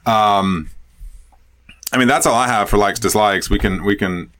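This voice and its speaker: A man co-hosting a podcast, chatting casually about a classic film, animated and laughing, with frequent restarts. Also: on the low side, a little slow. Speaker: podcast co-host.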